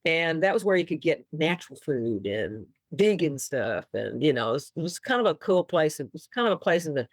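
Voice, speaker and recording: A deep-voiced woman from Austin, Texas talks briskly with hardly any pauses in a dry recording. With her Texan accent, this musician guest spins stories in a casual interview, acting out quotes and laughing often.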